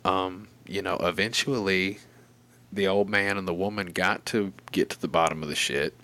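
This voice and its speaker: A man's voice: low voice, fairly even intonation, normal speed, pushed and bright. A man telling a long story in casual, profane and rambling chat.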